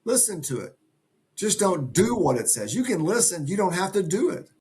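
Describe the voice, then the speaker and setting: A man's voice: high-pitched, sing-song, moderate pace, darkish tone. A middle-aged man speaking as a podcast guest, earnest and emphatic in a motivational way. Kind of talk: conversational interview.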